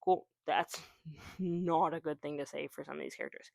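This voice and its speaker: A woman's voice: sits low, steady tone, normal speed, creaky, no echo. Chatty woman rambling about books, keeps correcting herself, dry room. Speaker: booktuber. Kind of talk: casual chat about books.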